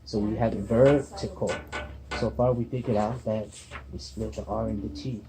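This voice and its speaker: Amid classroom chatter at a back table, a male student teacher patiently runs a one-on-one reading lesson. His lowish voice holds a steady tone at a moderate pace. He checks in often, tossing in "okay?" and "right?".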